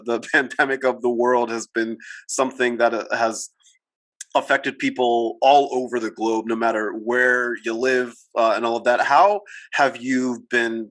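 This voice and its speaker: American man, podcast host, casual interview chat, effusive, restarts sentences, middle pitch. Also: a bit bright. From United States. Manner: upbeat and effusive, with frequent restarts.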